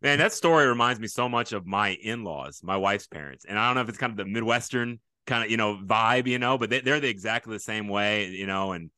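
Quick, bright-voiced male podcast host. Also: fairly low pitch, smooth, no echo. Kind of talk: casual interview chat.

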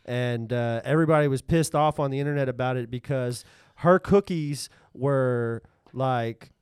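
A laid-back man chatting on a casual podcast, rambling through stories and chuckling along with his co-host. His voice is smooth and clear, with no room echo. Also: mid-range voice, normal speed, a little mellow, clean studio sound. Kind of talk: casual chat.

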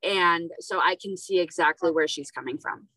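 A woman's voice: on the low side, moderate pace, bright, forceful tone, no echo, rough recording. A woman hosting a casual podcast conversation, talking in a rambling, hesitant way with many fillers. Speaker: podcast host.

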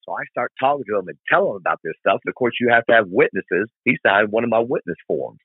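A middle-aged man with a fairly low, husky voice tells stories in a lively, casual way and acts out each scene. The sound is dry and thin, like a phone call. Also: fast, no echo. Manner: animated, colloquial storyteller who acts out scenes. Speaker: guest, long-distance motorcycle rider. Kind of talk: podcast interview storytelling. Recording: tinny phone-like remote line.

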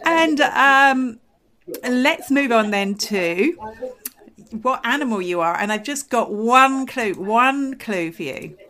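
A woman's voice: a little high, expressive, slow, bright, forceful tone. A woman hosting a weekly podcast from her office, talking in a cheerful, laughing way while she has a cold. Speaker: podcast host. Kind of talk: casual chat.

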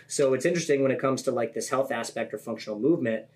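A man's voice: mid-range voice, fast. Male guest, mid-range voice, easygoing explainer. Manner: relaxed, filler-heavy explainer. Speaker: podcast guest. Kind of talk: casual podcast chat.

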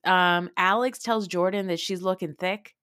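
A woman hosting a podcast, giving a casual, opinionated reality TV recap, swearing freely and mocking people with quick impressions. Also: lowish voice, fairly even intonation, a bit bright, no echo, clean studio sound. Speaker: podcast host.

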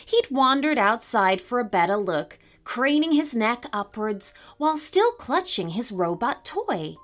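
Lively, slow-paced woman storyteller. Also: a little high. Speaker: podcast host and storyteller. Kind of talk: children's story narration.

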